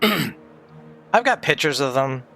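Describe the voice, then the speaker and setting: A man's voice: mid-range voice, big pitch swings, slow pace, creaky, bright, forceful tone, soft background music. A man streaming from home, grieving, talking candidly in a rambling, sweary way. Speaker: livestreamer. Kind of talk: casual livestream chat.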